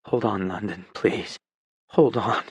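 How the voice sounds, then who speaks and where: A man voicing a desperate young man who swings between frantic shouts and broken, pleading whispers beside his injured love. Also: mid-range voice, normal speed, slightly rough, no room sound, studio quality. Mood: tender, soothing.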